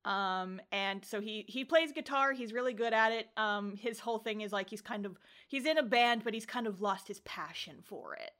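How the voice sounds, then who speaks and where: Bright, chatty woman podcaster. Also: medium pitch, normal speed, hardly any pauses. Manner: rambling, with frequent fillers, swearing and laughter. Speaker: podcast co-host. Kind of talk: casual chat.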